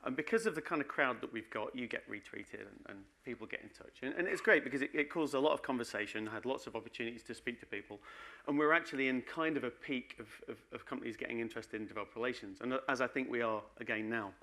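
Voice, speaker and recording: A man's voice: mid-range voice, fast talker, bright, forceful tone. Chatty man giving a conference talk. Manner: chatty, joking, many restarts. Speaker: conference speaker. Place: conference hall.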